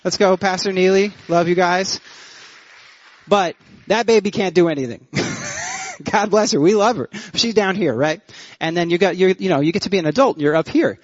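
A man's voice: high voice, normal speed. A man in his thirties, a worship pastor, telling funny stories in a sermon and bantering with the congregation. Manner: animated, joking, audience banter. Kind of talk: humorous sermon storytelling. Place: church sanctuary. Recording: muffled church hall reverb.

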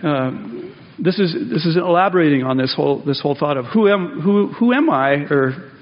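In a church sanctuary, a pastor preaches in a conversational, animated way at normal speed, interrupting himself and circling back before his voice climbs higher and louder on key points. His voice is a touch high for a man, and the slightly dull sound carries a long church reverb.

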